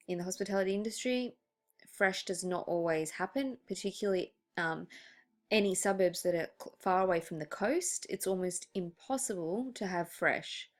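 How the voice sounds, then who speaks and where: A young woman teaching a hospitality lesson, reading from slides in a chatty way with many ums, restarts and asides. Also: on the low side.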